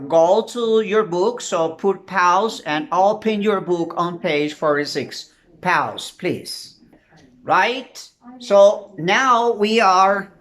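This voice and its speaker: A woman with a Colombian Spanish accent teaching an English lesson to students, halting and repeating words as she drills sounds. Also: fairly low pitch.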